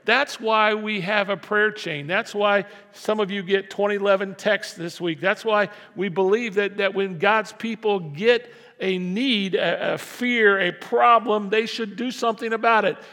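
Preaching man, high voice, gravelly edge, emphatic, repeats key lines, reverberant church hall. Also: steady tone, unhurried, hardly any pauses, sharp tone. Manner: emphatic, repeats lines, asks congregation to respond. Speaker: pastor. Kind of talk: sermon. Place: church sanctuary.

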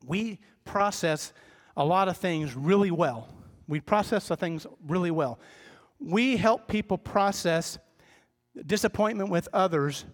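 High-voiced pastor in a reverberant hall. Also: male voice, unhurried. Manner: conversational, self-deprecating, acts out quoted voices. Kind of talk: sermon.

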